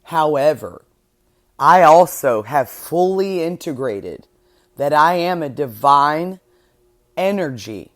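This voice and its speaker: A woman's voice: low voice, expressive, slow. A woman hosting a spiritual podcast monologue, talking fervently and self-assuredly, swearing heavily and repeating words for emphasis. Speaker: podcast host.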